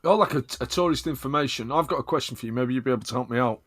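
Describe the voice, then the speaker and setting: Male player, mid-pitched, blunt and grumpy in character. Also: very fast, fairly bright tone. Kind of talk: in-character tabletop role-play.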